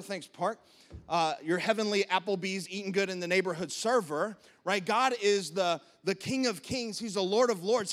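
A man in his thirties delivering a sermon from the pulpit. His voice sits high for a man, and he preaches with animated energy. He keeps slipping into short acted-out quotes of God and everyday churchgoers. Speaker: pastor.

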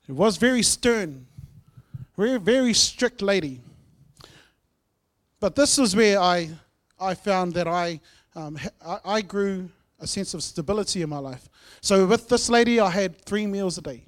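A man sharing his personal testimony in church, telling his story earnestly, with swings between loud and soft. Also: high voice, expressive, measured pace. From New Zealand. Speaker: guest speaker sharing testimony.

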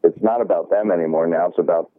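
Deep-voiced guy retelling a shoplifting story, swears a lot, sounds like a phone line. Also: fast talker, no room sound. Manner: animated retelling, acts out dialogue, swears. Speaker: golf shop worker. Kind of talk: casual storytelling. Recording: dry, tinny phone-like sound.

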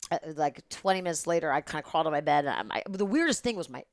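Woman guest, low voice, dry close mic, rambling and profane storyteller. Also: fast, dry recording. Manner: rambling, animated, swears freely. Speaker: podcast guest. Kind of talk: casual storytelling chat.

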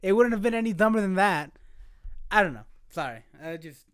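A young man co-hosting a relaxed podcast conversation, cracking jokes and tossing in quick asides. His voice sits a little higher and comes through smooth and clean. The sound is dry, with no room around it. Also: no room sound. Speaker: podcast co-host. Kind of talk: casual chat.

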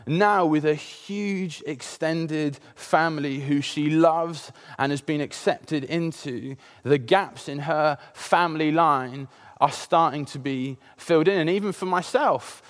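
A man's voice: fairly high pitch, a bit bright. A man in his thirties preaching a sermon, opening with a personal story in a conversational way and many filler sounds.

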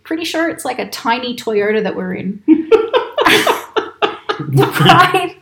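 A woman telling a long anecdote in casual chat, animated and quoting people in raised voices. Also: a little high, takes it slowly, creaky. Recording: echoey room.

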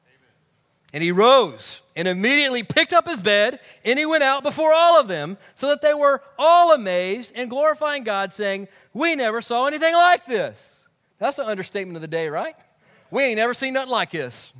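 High-voiced preacher in an echoey hall. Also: male voice, normal speed. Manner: animated, conversational preaching with slang. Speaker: pastor. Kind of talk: sermon.

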